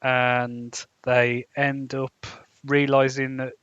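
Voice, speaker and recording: Podcast guy summing up a film plot, dry asides, flat dull mic. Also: medium pitch, drawn-out words, smooth, no room sound. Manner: chips in with short plot summaries and dry asides. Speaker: podcast co-host. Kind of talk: casual film review chat.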